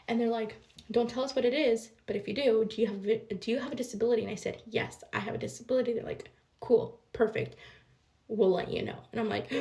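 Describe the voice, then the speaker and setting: A young woman vlogging late at night, tired and chatty, her fairly high voice running fast and emphatic. There is a gravelly fry in her tone, and she keeps checking in with her listeners as she goes. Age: young adult. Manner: fast, animated and emphatic, often adding "okay?". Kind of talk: casual storytelling to camera.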